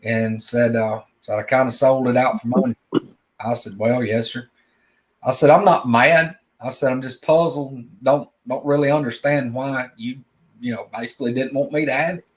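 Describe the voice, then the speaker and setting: Man, drawling, plainspoken storyteller, repeats his words, mid-pitched voice. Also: fairly even intonation, normal speed. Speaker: guest storyteller. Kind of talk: casual spoken storytelling.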